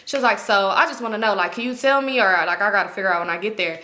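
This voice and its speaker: Bright-voiced young woman telling a story. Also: mid-range voice, racing. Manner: slangy, profane, acts out quoted lines. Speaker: vlogger. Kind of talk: casual storytime.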